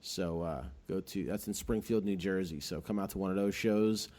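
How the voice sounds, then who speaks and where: A man's voice: sits low, normal speed, mellow. A man co-hosting a podcast, a stand-up comic chatting casually, joking and swearing freely. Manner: loose, jokey, swears freely. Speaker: podcast co-host and comedian. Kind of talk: casual chat.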